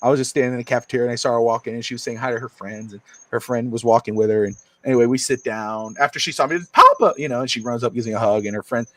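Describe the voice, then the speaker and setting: A middle-aged man co-hosting a podcast, rambling through family stories and mimicking others in high voices. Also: steady tone, racing, few pauses, no echo. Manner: rambling storyteller, acts out quotes in high voices. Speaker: podcast co-host. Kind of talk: casual chat. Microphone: streamed podcast mic.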